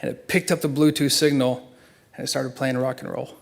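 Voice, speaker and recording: A middle-aged man, a son, giving an emotional eulogy in a church and telling stories earnestly, his voice swinging between hushed and loud. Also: mid-range voice, fairly even intonation, brisk, creaky.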